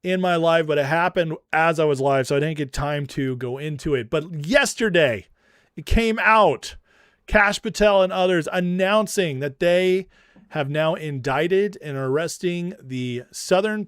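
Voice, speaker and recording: Male livestream host, rambling and chuckling, slightly high voice, dry sound. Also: normal speed, clean tone, no echo. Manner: rambling, laughs often. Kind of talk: casual livestream commentary.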